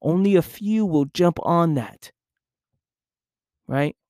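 A man's voice: fairly high pitch, animated, takes it slowly, darkish tone, dry recording, studio quality. Intense young man giving a pep talk. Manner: intense, acts out his own past inner voice. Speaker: motivational speaker. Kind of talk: motivational monologue.

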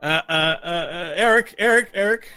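A loud, overeager Texan tavern keeper who trips over his words while pressing drinks on his customers, as a man puts him on. The voice sits fairly high. Faint music plays in the background. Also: moderate pace, smooth. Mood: pushy. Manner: loud, stammering, pushy hospitality. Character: pushy male tavern proprietor, overeager host.

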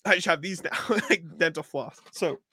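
A man's voice: fairly high pitch, moderate pace, bright, forceful tone, husky. A young man co-hosting a podcast, chatting casually and laughing often as he tells stories. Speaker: podcast co-host. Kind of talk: casual chat.

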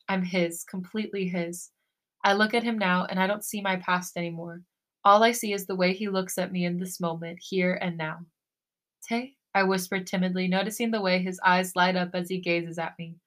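A woman co-hosting a podcast, reading a romantic fan fiction story aloud in a soft, intimate way. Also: fairly low pitch. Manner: soft, breathy romantic reading, then gushing and giggly.

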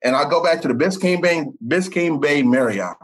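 Husky-voiced man telling a story. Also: normal speed, poor audio. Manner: animated, repeats words, jumps up in pitch for quoted voices. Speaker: sportswriter guest. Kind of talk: storytelling in conversation.

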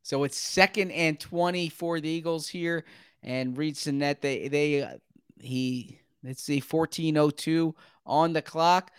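A man calling football play-by-play in a brisk, running commentary style that climbs quickly when big plays happen. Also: a little high, smooth, dry recording, clean studio sound. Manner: brisk, rising sharply with excitement at big plays. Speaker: play-by-play announcer.

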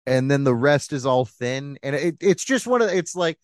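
A man's voice: mid-range voice, big pitch swings, moderate pace, dry recording, clean studio sound. A man in casual podcast chat, rambling and crude, often mimicking people in silly voices.

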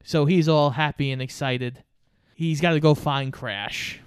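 A man co-hosts a casual podcast, walking through a film's plot in a storytelling manner. His voice is clear and a little high. The recording is close and dry. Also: fairly even intonation, a little slow, no room sound. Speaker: podcast co-host. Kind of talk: casual movie recap chat.

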